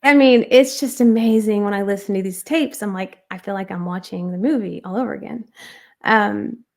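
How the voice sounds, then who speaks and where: Woman w a bit of vocal fry telling her story to a host, earnest, lots of ums. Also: medium pitch, moderate pace, a little mellow. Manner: earnest, with frequent ums and restarts. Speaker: guest sharing testimony. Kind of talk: personal storytelling.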